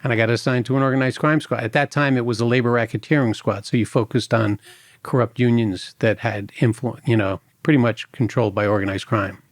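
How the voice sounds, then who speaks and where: A man, a former agent telling lively stories in a podcast interview and acting out other people's voices. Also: medium pitch, fairly quick, no room sound, clean studio sound. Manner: animated anecdotes, acts out other people's voices. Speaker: former FBI agent guest.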